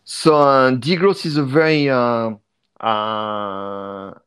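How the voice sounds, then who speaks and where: A man, a guest speaking in a casual podcast interview over a video call, pausing often with filler sounds as he explains. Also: medium pitch, steady tone, a bit bright, smooth. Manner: hesitant, with frequent "uh" fillers. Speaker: guest, degrowth activist and researcher.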